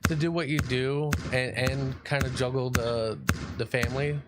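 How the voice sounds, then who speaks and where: A man's voice: medium pitch, fairly even intonation, moderate pace, heavy background noise. Brief: male host, mid-range voice, easygoing, teasing, chatty interviewer. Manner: joking, laid-back, lots of fillers. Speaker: radio show host. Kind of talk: casual interview chat.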